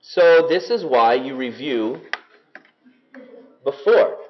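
A man preaching a sermon to a congregation, earnest and measured, slowing down to stress key words. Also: medium pitch, lively intonation, lo-fi sound. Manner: earnest, measured with slowed emphasis.

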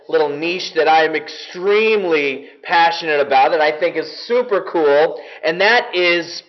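A man preaching a sermon as pastor, earnest and enthusiastic in a conversational way. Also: a little high. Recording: dull lo-fi recording.

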